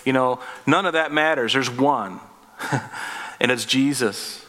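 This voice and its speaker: A man preaching a conversational sermon as pastor, folksy and jokey, calling his listeners folks and guys, and climbing higher and louder on his emphatic points. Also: slow pace.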